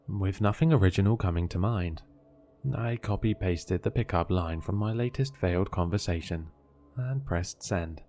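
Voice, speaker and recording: A man narrating a horror story in measured, steady scripted storytelling. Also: deep voice.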